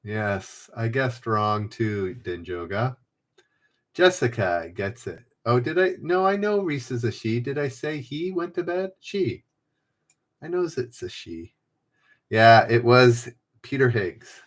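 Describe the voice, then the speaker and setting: A man's voice: mid-range voice, lively intonation, slow. A man hosting a live trivia stream from home, reading clues and chatting with viewers by name, often rambling and correcting himself. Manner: rambling, self-correcting, reads chat names aloud. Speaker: trivia livestream host. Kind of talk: casual livestream chat, reading quiz clues. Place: home room.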